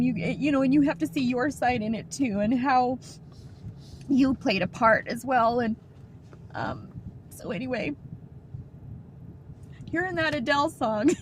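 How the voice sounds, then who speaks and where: A middle-aged woman speaks to her viewers in a high voice, telling a personal story. Her speech is halting and emotional, with restarts and soft laughs. Noise is clearly heard behind her, with passing vehicles. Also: low-quality recording. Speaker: vlogger.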